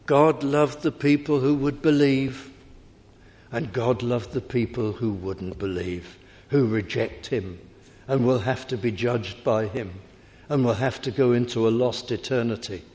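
A man preaches with slow, weighty emphasis. His voice lifts on each appeal and sinks again, and it rings out with a long reverb, as in a large church. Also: medium pitch, a little mellow. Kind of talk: sermon.

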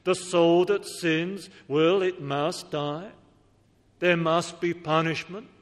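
Speaking slowly with fairly even intonation and a fairly high pitch, this man delivers an earnest, pleading sermon. He keeps pressing listeners with questions, building to emphatic appeals, and a large hall's long reverb fills the recording.

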